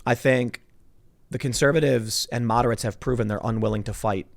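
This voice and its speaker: A man hosting a podcast, talking politics in an animated, casual way. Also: mid-range voice, fairly quick, gravelly, dry recording. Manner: animated, puts on voices when quoting people. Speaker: podcast host. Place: studio.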